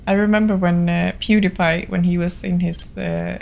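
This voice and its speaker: A woman's voice: fairly low pitch, fairly even intonation, moderate pace, creaky, a little mellow. A young woman from Finland with a Finnish accent, chatting through a horror game stream, jumpy and often dropping to a whisper. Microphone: desktop studio mic.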